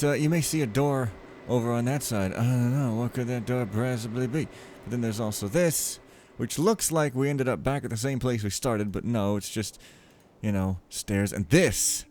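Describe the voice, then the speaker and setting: A man's voice: medium pitch, a little mellow, slight background noise. A man casually commenting on a game as he plays, rambling and jokey with lots of filler. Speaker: let's play host.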